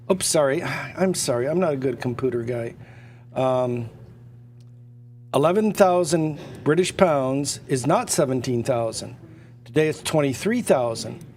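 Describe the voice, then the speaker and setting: A man with a slightly high, darkish-toned voice runs a live online auction as its auctioneer and livestream host. Seated indoors at a computer, he delivers repetitive, pushy patter and keeps stammering and starting over.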